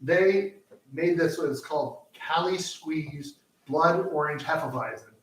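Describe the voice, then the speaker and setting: A man's voice: a little high, measured pace, fairly bright tone. A man co-hosting a live cooking show, chatting loosely with lots of fillers and restarts while he cooks. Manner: rambling, full of fillers and restarts. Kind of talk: casual chat while cooking. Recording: roomy, distant mic, faint noise.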